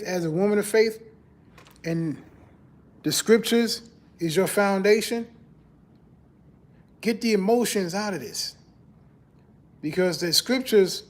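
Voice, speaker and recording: A man hosting a podcast in casual, conversational faith talk, greeting viewers and repeating his phrases. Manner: animated, rises in pitch when mocking church talk. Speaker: podcast host.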